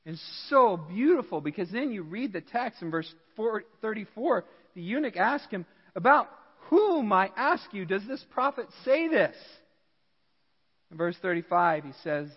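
American pastor guy preaching, high voice, acts out the dialogue, dull echoey church sound. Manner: animated, acts out characters in dialogue. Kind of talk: sermon.

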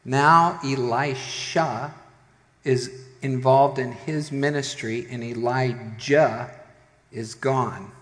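A man preaching a sermon as a pastor, retelling a Bible story and acting out its characters with lively voices. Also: medium pitch, slow. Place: church sanctuary. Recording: long hall reverb.

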